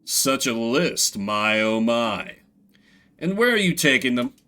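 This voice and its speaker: A man's voice: medium pitch, very animated, unhurried, bright, forceful tone, heavily acted. A man voicing a smug, cold male stoat prison captain who speaks in a dry, menacing drawl.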